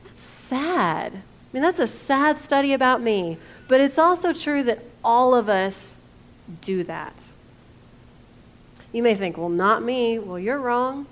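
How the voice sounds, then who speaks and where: A woman pastor, preaching a conversational sermon that asks the congregation questions and drops to a hush for quoted lines. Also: fairly high pitch, expressive, slow pace.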